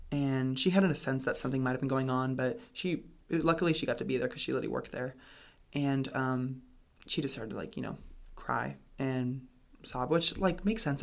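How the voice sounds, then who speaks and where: This guest, a young man with a creaky, medium-pitched voice, recounts a personal story in a loose, rambling way. "Like" and "um" crop up throughout.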